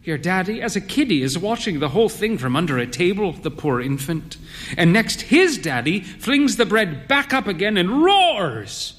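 A man's voice: high-pitched, big pitch swings, moderate pace, fairly bright tone. A man reading literary fiction aloud in a dry, wry storytelling manner. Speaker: narrator.

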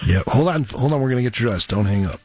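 Husky radio guy, jokey chat and slow phone-number ad reads. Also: mid-range voice, animated, darkish tone, faint music behind. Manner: chatty, jokey, drawn-out number reading. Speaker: radio host.

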